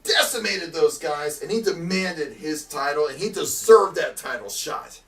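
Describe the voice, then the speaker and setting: A man's voice: fairly high pitch, animated, unhurried, a bit bright, far from the mic. A man commentating on a wrestling show in a boastful, pompous tone, recorded a bit away from the mic. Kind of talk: bombastic promo commentary.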